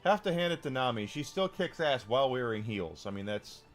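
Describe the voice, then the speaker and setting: A male game streamer talking casually to his chat at a mid pitch. He rambles, restarts his sentences and chats as he plays, with soft game music in the background. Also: very animated, fairly quick. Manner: chatty, rambling, restarts often. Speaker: streamer playing a video game.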